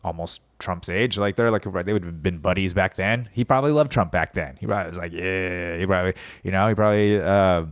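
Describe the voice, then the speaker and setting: A man's voice: low-pitched, fairly quick, hardly any pauses, no echo. A man in his thirties ranting casually and profanely, mocking politicians in put-on voices. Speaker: podcast host. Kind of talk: casual rant.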